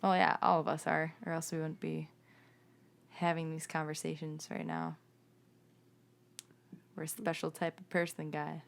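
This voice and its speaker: Young female podcast co-host, lowish gravelly voice, chatty and giggly. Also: normal speed, pauses often. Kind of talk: casual chat.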